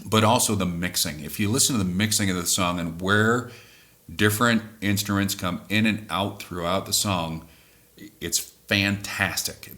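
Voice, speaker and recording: A man who sings in a cover band, calmly explaining how he builds a track, pausing to correct himself as he goes. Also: on the low side. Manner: measured, thoughtful, self-correcting. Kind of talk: explaining music production.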